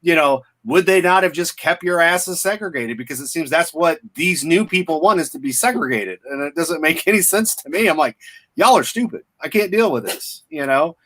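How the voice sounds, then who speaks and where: A man's voice: a little high, expressive, brisk, hardly any pauses, bright, forceful tone. A man co-hosting a casual stream chat, blunt and ranting, with heavy profanity.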